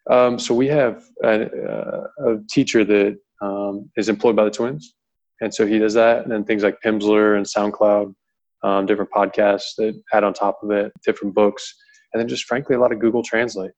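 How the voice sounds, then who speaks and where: A man's voice: lowish voice, fairly even intonation, moderate pace, darkish tone, highs cut off. A man in his thirties, a coach answering on a panel, talking earnestly and rambling with lots of fillers. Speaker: pitching coach.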